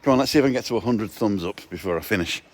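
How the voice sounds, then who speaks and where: This is a jokey live-stream walking tour of a residential complex, narrated by a man with a cold who talks into the phone in his hand. He speaks very fast in a lowish voice with lively intonation, keeping things chatty as he goes.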